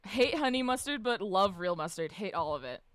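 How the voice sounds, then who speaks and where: Animated, swearing woman streamer. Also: medium pitch, normal speed, a little hiss or hum. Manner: animated, swears freely, laughs often, shouts greetings to chat. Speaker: livestreamer reading and answering chat. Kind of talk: casual livestream chat.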